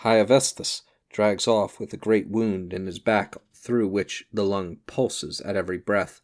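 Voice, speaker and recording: A man narrating an audiobook in a measured, grave reading with clipped phrases. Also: fairly low pitch, fairly even intonation, darkish tone. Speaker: audiobook reader.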